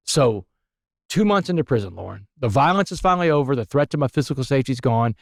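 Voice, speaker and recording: A man with a drawl tells a story at a rapid clip, leaning on words for emphasis. His voice sits in an ordinary male range. The sound is close and dry. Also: mid-range voice, lively intonation, gravelly, no room sound. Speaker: podcast guest. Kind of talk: storytelling interview.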